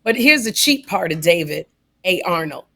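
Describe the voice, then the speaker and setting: A woman co-hosting a podcast, telling a story in casual comedic style, animated and getting loud on punchlines. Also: on the low side, moderate pace, gravelly. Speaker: podcast co-host.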